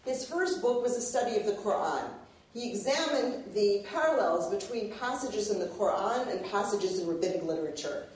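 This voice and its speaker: A woman giving an academic lecture, animated and given to laughing. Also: medium pitch, moderate pace. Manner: animated, laughs while reading a favorite passage. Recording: echoey hall, mic at a distance.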